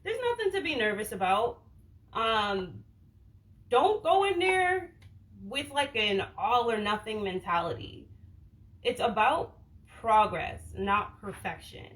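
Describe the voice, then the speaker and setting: A woman's voice: mid-range voice, animated, a little slow, a bit bright, rough recording. A woman from Boston hosting a casual livestream, answering viewer comments in a frank, slangy way with lots of "like" and the odd swear. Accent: Boston, without the stereotypical broad vowels. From Boston, USA. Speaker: wellness livestream host.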